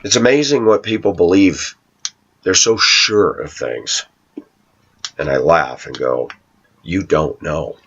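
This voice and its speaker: A man's voice: deep voice, animated, unhurried, pauses often, a bit bright, slightly rough, lo-fi sound. A man hosting his own channel, telling workplace stories in a sarcastic, rambling way. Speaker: YouTube channel host. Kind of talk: casual talking-to-camera monologue.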